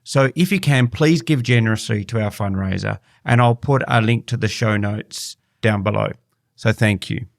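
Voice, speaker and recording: A man's voice: on the low side, moderate pace, creaky, no echo, clean studio sound. An Australian man hosting a farming podcast, laid-back and matey, chatting with a remote guest. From Western Australia. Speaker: podcast host. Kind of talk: casual podcast interview.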